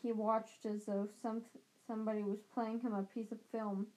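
A woman's voice: fairly high pitch, little pitch movement, moderate pace, dark tone, rough recording. A woman reading a novel aloud as an amateur audiobook reader, with occasional slips and restarts.

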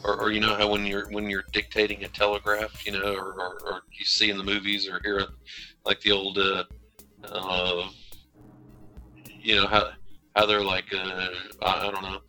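A man co-hosting a casual podcast, talking in halting bursts with lots of fillers. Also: fairly low pitch, completely flat delivery, bright, forceful tone, smooth, soft background music. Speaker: podcast co-host. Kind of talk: casual chat.

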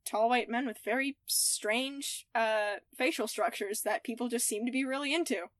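A woman's voice: fairly high pitch, normal speed, no room sound. A woman in casual podcast chat, joking sarcastically and swearing casually.

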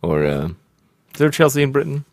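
A man co-hosting a casual podcast, making wry deadpan jokes at his partner. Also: medium pitch, fairly quick, dry recording, clean studio sound. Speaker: podcast co-host.

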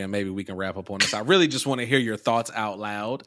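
A man's voice: fairly low pitch, fast, bright, forceful tone, slight background noise. A man co-hosting a podcast in a laid-back, casual way, swearing freely. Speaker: podcast co-host.

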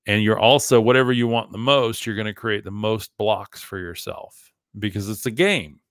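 A man's voice: lowish voice, normal speed, a bit bright, dry recording, studio quality. A man hosting a podcast in a casual, emphatic monologue, often saying "like" and talking to his listeners as "guys". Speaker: podcast host.

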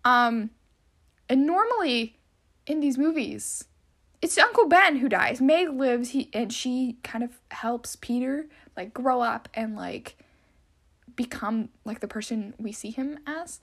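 A young woman hosts a casual solo podcast, chatting in a rambling, easygoing way with plenty of filler words. Her high voice sounds bright and sharp, and she speaks freely without a script, slowly and with lively intonation.

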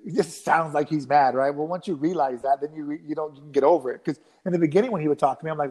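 A man in his thirties telling a rambling, animated story in a casual interview, acting out quotes with many restarts. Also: on the high side, quick pace, few pauses. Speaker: guest fighter.

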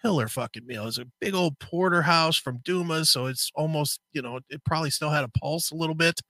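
Bright-voiced, foul-mouthed man telling a story. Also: a little high, brisk, no echo. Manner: profane, animated storyteller. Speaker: co-host. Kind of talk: casual storytelling chat.

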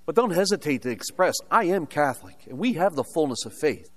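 A man's voice: fairly high pitch, big pitch swings, a little fast. An older American man preaching a sermon, telling his own story with humorous asides and rhetorical questions. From United States. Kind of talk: sermon with personal testimony.

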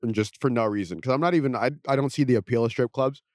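A young man in casual chat, telling rambling stories and slipping into quick impressions. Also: medium pitch, no room sound, studio quality.

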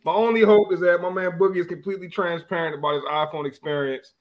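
High voiced guy hosting, slangy and jokey. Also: steady tone, quick pace, dull audio. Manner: loose slangy banter, laughs often. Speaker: podcast host. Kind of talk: casual chat.

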